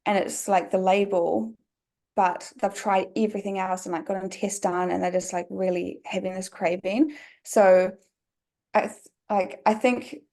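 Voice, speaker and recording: A woman's voice: mid-range voice, fairly even intonation, measured pace, warm tone. A young woman from New Zealand with a New Zealand accent, a podcast guest talking casually and filling her sentences with "like". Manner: chatty, many "like" fillers.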